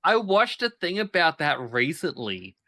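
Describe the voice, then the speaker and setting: A man's voice: on the high side, a little slow. A man chatting casually on a livestream, telling a long anecdote and acting out the voices of the people in it. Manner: animated anecdote teller, acts out quoted voices. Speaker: stream guest. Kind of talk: casual storytelling chat.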